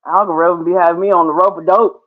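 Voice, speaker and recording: A woman's voice: lowish voice, fairly even intonation, fast. A woman hosting a casual live stream, chatty and playful, laughing often between remarks. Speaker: livestream host. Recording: tinny phone-like sound.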